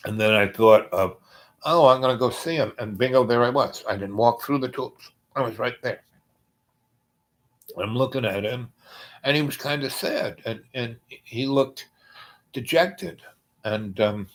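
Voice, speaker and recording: A man casually telling a personal story, rambling and hesitant with many pauses and restarts, going quiet when he quotes others. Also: mid-range voice, animated. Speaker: podcast host.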